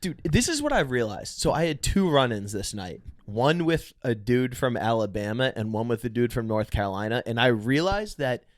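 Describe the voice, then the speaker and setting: A man telling a bar story on a comedy podcast, animated and full of swearing, acting out other people's lines. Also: mid-range voice, normal speed, few pauses, dry recording, clean studio sound. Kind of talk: casual storytelling chat.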